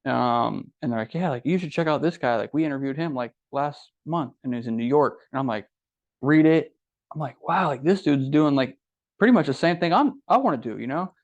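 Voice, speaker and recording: A man's voice: mid-range voice, a little fast. A young adult man from Ohio, a podcast guest, tells his story casually and acts out what others said. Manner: animated, acts out quoted dialogue. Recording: dull lo-fi podcast audio.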